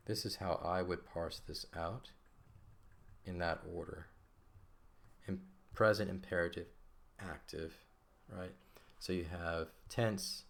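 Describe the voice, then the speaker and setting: Man, very low voice, Latin teacher, casual explaining, repeats points. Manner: relaxed, conversational, repeats points with "right?". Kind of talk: screen-shared grammar lesson.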